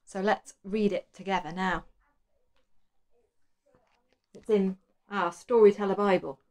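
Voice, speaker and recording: A woman leading a school worship, asking children gentle questions. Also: medium pitch, steady tone, normal speed. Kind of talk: children's collective worship talk.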